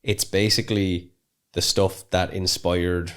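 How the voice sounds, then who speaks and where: A young man with a very low, deep voice, co-hosting a podcast. He rambles along casually, trailing off and restarting as he works through his notes. At times he switches to reading a scripted introduction. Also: flat delivery, measured pace, smooth. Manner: rambling, chatty, many fillers and restarts. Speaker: podcast co-host.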